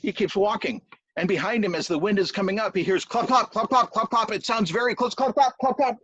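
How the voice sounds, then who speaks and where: Brief: lively male folk storyteller, husky, dull dry sound. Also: sits high, fairly quick, no echo. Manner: animated, with spoken sound effects. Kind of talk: live folk tale storytelling.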